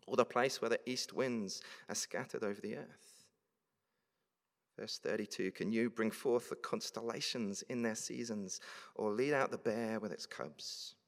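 A man preaching a sermon, reading scripture verses aloud and then explaining them in a conversational way. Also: mid-range voice. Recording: long reverb of a large hall.

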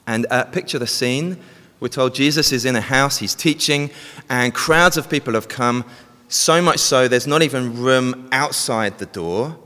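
A man's voice: medium pitch, unhurried, bright, forceful tone. Man preaching in an echoing hall. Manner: storytelling, asks the congregation questions. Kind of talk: sermon. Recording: long hall reverb.

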